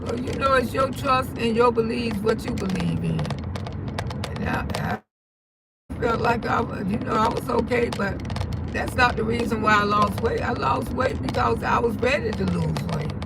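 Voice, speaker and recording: A woman's voice: fairly high pitch, normal speed, gravelly. A woman, talking in a candid, folksy and blunt way on a casual livestream, swearing freely. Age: 60s. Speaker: livestream host. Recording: loud traffic noise behind.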